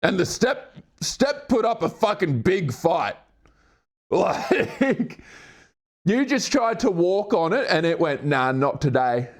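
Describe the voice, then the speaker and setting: A man's voice: sing-song, a little slow. A young man livestreaming a puzzle and chatting with his viewers. He swears a lot, laughs often, and jokes around goofily. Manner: profane, goofy, laughs often; slips into silly high put-on voices. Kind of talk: casual livestream chat while doing a puzzle.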